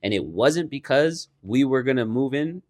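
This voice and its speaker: A man's voice: medium pitch, animated, normal speed, darkish tone. Young man rambling through a casual story. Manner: rambling storyteller, swears freely, laughs often. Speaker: podcast co-host. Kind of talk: casual chat.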